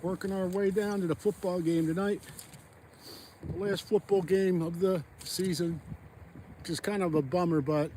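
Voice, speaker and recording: A man with a slightly higher voice chats casually as he ice fishes on a frozen pond, thinking out loud and wandering between thoughts. He is recorded outdoors on a phone camera, with a faint hiss of noise behind him. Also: steady tone, normal speed. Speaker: fishing vlogger. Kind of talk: casual narration while ice fishing.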